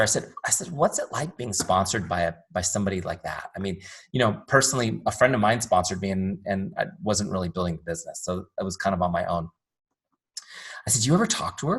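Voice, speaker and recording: A middle-aged man giving a live sales training, chatty and animated, telling stories with jokey asides to a group. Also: fairly low pitch. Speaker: trainer and company founder.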